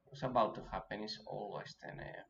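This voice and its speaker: A man giving live commentary as he day trades, thinking aloud and talking himself through his nerves with halting restarts. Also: lowish voice, creaky, fairly bright tone. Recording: dull lo-fi audio with faint noise.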